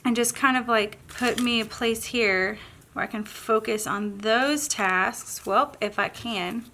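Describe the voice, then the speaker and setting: A woman's voice: fairly high pitch, takes it slowly, bright, forceful tone, slight background noise. A woman with a Southern accent chatting casually through a painting tutorial, bubbly and thinking aloud as she works. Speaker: craft tutorial host.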